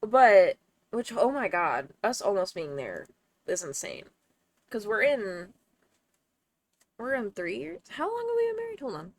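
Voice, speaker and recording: A woman's voice: medium pitch, sing-song, measured pace, pauses often, no echo. A young woman streaming from home, chatting casually with her viewers, swearing freely and breaking into laughter. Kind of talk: casual livestream chat.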